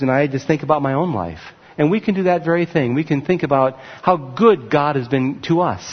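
Preaching man with fillers and restarts. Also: medium pitch. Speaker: pastor. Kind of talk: sermon. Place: church sanctuary. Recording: muffled sound with long reverb in a church hall.

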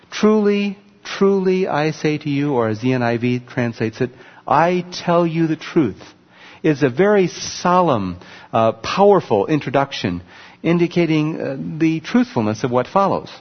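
Male preacher, lively emphatic delivery, husky voice, long hall reverb, muffled recording. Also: fairly high pitch. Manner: emphatic, teaching tone with rising emphasis; uses a laser pointer on a screen. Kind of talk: sermon.

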